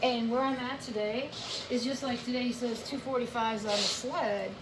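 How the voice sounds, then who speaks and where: A woman's voice: on the high side, steady tone, moderate pace. Rambling woman chatting in a noisy kitchen. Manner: rambling, storytelling, many fillers and restarts. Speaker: home cooking vlogger. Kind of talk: rambling casual chat while cooking. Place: home kitchen. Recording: kitchen noise with clattering dishes.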